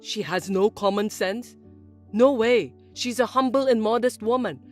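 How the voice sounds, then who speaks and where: A woman voicing a grown son and husband who speaks low and patiently, reasoning with his mother. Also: unhurried, faint music behind, close to an everyday voice. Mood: calm. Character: calm grown son and husband, young man. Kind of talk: scripted story voice-acting.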